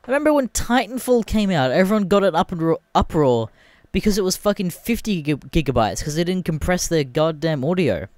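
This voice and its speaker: A man's voice: sits high, very animated, brisk, a little mellow, no room sound. Profane ranting man. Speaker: podcast host. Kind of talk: casual solo rant.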